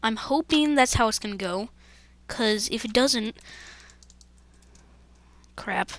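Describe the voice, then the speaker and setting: A woman's voice: a little high, slow, fairly bright tone, no echo. A woman hosting a let's-play gaming video, commenting to her viewers with jumpy, dramatic exclamations. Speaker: gaming channel host.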